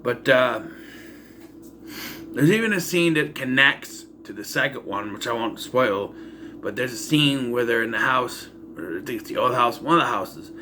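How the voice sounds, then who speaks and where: A man's mid-range voice comes across animated, pushed and bright at a normal speed, over a bit of hiss or hum. He is a movie reviewer who rambles casually through a horror movie's plot, tossing in fillers and asides and dry, exasperated jabs at its holes.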